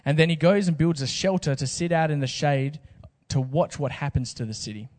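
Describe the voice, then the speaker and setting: A man's voice: fairly high pitch, fairly quick, darkish tone, long reverb tail. A man preaching a sermon in a casual, joking way with slang asides. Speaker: pastor.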